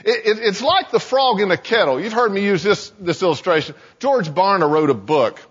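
A man's voice: high voice, animated, normal speed, fairly bright tone, breathy edge. A male pastor giving a sermon in a church sanctuary, talking conversationally and often repeating words as he starts sentences. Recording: echoey hall, dull sound.

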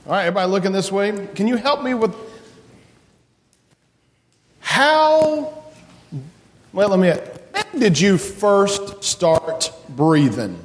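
Animated man leading a children's sermon. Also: high-pitched, slow pace, pauses often, long reverb tail. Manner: animated, playful questions to children. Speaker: children's message leader at church. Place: church sanctuary.

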